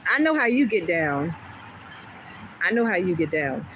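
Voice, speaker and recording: A woman hosting a casual livestream from home, chatting with viewers in a rambling, animated way and laughing often. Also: lowish voice, measured pace, lo-fi sound, a little hiss or hum. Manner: chatty and rambling, jumping between topics. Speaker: livestream host. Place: home in California.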